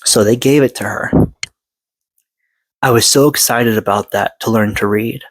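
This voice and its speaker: Halting, earnest man in his forties. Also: medium pitch, low-quality recording. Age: 40s. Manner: halting, with many fillers and restarts. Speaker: vlogger sharing personal story. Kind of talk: earnest personal monologue.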